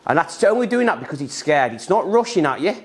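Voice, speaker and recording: A man's voice: fairly high pitch, sing-song, fast talker, husky. A young man giving an enthusiastic, repetitive live talk about snakes while handling animals in a museum room. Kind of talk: live educational talk to children.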